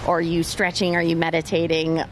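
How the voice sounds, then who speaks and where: A female sideline reporter with a fairly low voice interviews a surfer after her heat. She is upbeat and asks long, multi-part questions over faint outdoor noise. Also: monotone, a little fast. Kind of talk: post-heat athlete interview.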